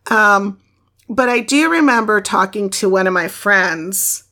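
A middle-aged woman talks through her own stories in a relaxed, chatty monologue. She keeps it lively and slips into the voices of the people she quotes. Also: medium pitch, measured pace. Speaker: podcast host. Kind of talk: casual storytelling monologue.

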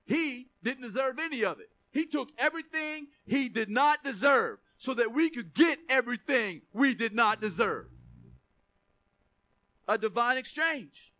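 Male preacher, high bright voice, passionate sermon delivery. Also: expressive, measured pace. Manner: passionate, swings from quiet asides to raised preaching.

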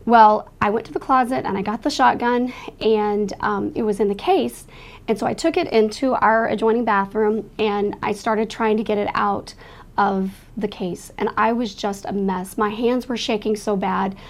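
A woman's voice: mid-range voice, fairly even intonation, normal speed. A woman earnestly telling a frightening personal story as a faith-minded testimony. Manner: earnest, emotional retelling of a frightening night; speaks with religious faith.

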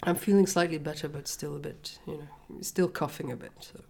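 A woman's voice: low-pitched, steady tone, a little fast, vocal fry, darkish tone, slight background noise. A woman co-hosting a casual chat podcast while congested from a cold, chatty and self-mocking. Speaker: podcast co-host.

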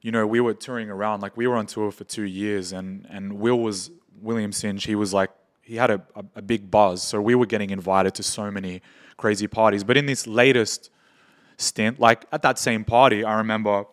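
Australian man telling party stories, low-pitched. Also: normal speed. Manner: animated anecdotes, swearing, quotes people in his stories. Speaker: podcast guest. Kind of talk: casual storytelling chat.

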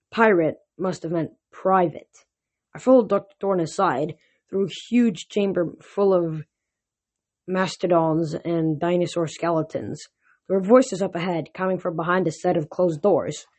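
A reader narrating a fantasy novel in first person, in the manner of a home audiobook. The reader stumbles now and then and restarts words, but keeps a steady storytelling voice. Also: mid-range voice.

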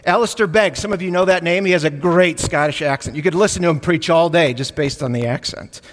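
A man's voice: on the high side, a little fast, long reverb tail. A man from the United States with a Midwestern Chicago-area accent, preaching a sermon in a conversational way and joking with the congregation. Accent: Midwestern American, Chicago area. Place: church sanctuary.

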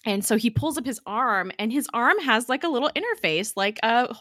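A woman's voice: fairly high pitch, lively intonation, fairly quick, bright, forceful tone, no room sound, clean studio sound. A woman co-hosting a casual show, recapping an episode in a chatty way full of "like" and "um". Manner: chatty, peppered with "like" and "um", giggly. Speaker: podcast co-host recapping a TV episode. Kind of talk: casual chat.

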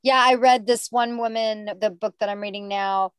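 A woman's voice: fairly high pitch, steady tone, normal speed, clear, resonant tone, no echo. A woman hosting an interview, chatty and open in her reactions. Her voice sits in a middle range and sounds dry, with no room around it. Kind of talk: casual interview.

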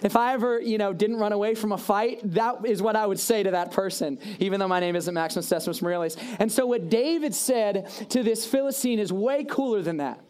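A young man giving a casual, animated sermon to a youth group, with self-deprecating asides. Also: sits high, a little fast, few pauses, clean tone. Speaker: youth pastor. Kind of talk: animated sermon retelling a story.

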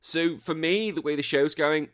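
A man's voice: on the high side, normal speed, fairly bright tone. A man with a British accent hosting a retro gaming podcast, rambling in a chatty, self-deprecating way. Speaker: podcast host. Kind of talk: casual podcast monologue.

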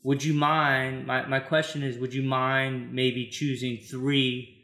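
A man's voice: mid-range voice, little pitch movement, slow, bright, forceful tone. A male podcast host with a mid-range voice asks friendly, thought-out questions. He reads items out one by one, and his voice rings in a roomy, echoing space. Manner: friendly, reads lists methodically. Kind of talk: interview questions. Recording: roomy echo.

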